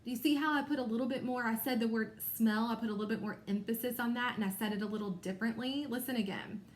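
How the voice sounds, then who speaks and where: A woman teacher talks young readers through a picture book in a recorded lesson. Her voice sits a little high, and she explains each step clearly and encouragingly. The room around her gives a noticeable echo. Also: steady tone, fast, a little hiss or hum. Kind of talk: recorded small-group reading lesson.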